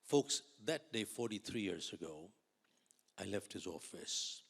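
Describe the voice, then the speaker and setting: Dramatic older man with gravelly voice. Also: low voice, animated, unhurried. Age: 60s. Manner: dramatic, swings from loud outbursts to near whispers. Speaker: motivational speaker. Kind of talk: storytelling keynote speech.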